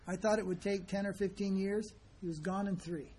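A man's voice: sits high, fairly even intonation, brisk, darkish tone, slight background noise. A man teaching as a spiritual teacher in an informal sermon, speaking in a conversational, emphatic way and acting out the people he quotes.

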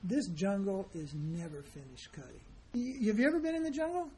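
A man's voice: high voice, big pitch swings, brisk, warm tone, slightly rough. A man teaching as a spiritual teacher in an informal sermon, speaking in a conversational, emphatic way and acting out the people he quotes.

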